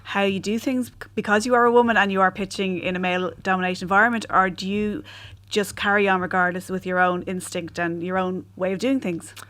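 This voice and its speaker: A woman's voice: medium pitch, little pitch movement, brisk, a bit bright. A woman interviewer asking probing follow-up questions in a business interview.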